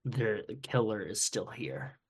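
Quiet, hesitant man player. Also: on the low side, expressive, slow, breathy edge. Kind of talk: casual tabletop game play.

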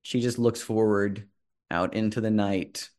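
A man with a fairly low voice narrating a tabletop game as game master. He takes his time, describing each scene slowly and deliberately. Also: steady tone, darkish tone. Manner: slow, descriptive storytelling.

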